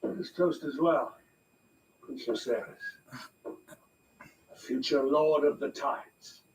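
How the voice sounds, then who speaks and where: An actor playing an elderly nobleman who gives formal toasts in a measured way. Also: mid-range voice. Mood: ceremonial. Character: elderly nobleman lord, stately and proud. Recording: faint, distant show audio with noise.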